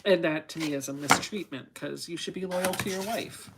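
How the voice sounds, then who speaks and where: A woman's voice: lowish voice, normal speed, very noisy. A woman chatting casually on a sewing livestream, reading viewer comments aloud and laughing often. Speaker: sewing vlogger reading live chat.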